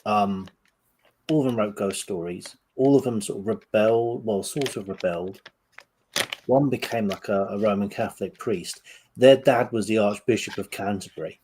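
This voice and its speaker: A man on a casual livestream chat, relaxed and thoughtful as he tells a story. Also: on the low side, normal speed, slight background noise.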